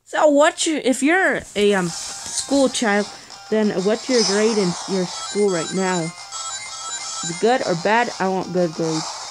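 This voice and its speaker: A woman's voice: medium pitch, expressive, slow, poor audio. A woman giving casual gameplay commentary, chatty, exclaiming at her mistakes and making playful sound effects. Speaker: let's play host. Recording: game music playing behind.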